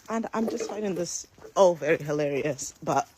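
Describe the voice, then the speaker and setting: A woman's voice: low-pitched, animated, a little slow, a little mellow, slight background noise, low-quality recording. A Scottish woman, just woken up, talking to her phone camera amused and giggly. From Scotland. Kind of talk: casual selfie video.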